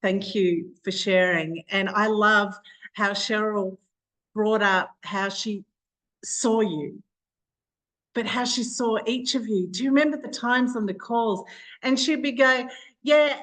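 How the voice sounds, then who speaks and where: A woman's voice: mid-range voice, normal speed, a bit bright. A woman hosting a group video call, talking in an effusive, gushing, rambling way. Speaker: call host.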